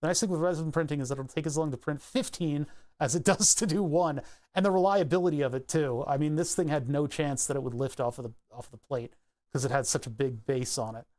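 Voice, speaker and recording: A man with a Philadelphia accent talks through a casual livestream, wandering from topic to topic with easy laughs. His voice sits a little high for a man. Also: fairly quick, darkish tone. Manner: rambling, chatty, laughs easily. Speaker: streamer.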